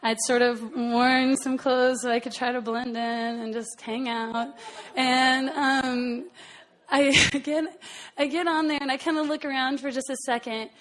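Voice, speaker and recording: A woman telling a personal story in an animated way, often laughing between phrases. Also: high-pitched, unhurried. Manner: animated, laughs often, lots of fillers and asides.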